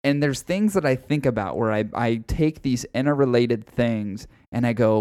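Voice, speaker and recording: A man's voice: medium pitch, animated, moderate pace, darkish tone, no echo, clean studio sound. A man hosting a casual podcast, rambling and swearing freely and often breaking into laughter. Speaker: podcast host.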